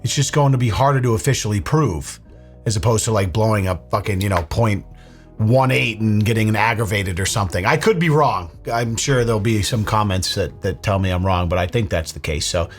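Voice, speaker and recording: A man's voice: lowish voice, brisk, faint music behind. A young man reacting to police bodycam footage in a sarcastic, mocking, casual way, with some swearing. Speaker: commentary host.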